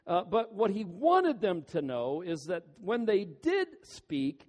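A man preaching a sermon as pastor, earnest and pleading, stretching out key words slowly for emphasis. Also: high-pitched, very animated, darkish tone. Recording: long hall reverb.

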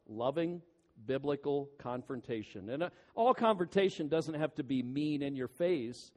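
A man preaching a sermon as pastor, earnest and pleading, stretching out key words slowly for emphasis. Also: medium pitch, darkish tone. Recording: long hall reverb.

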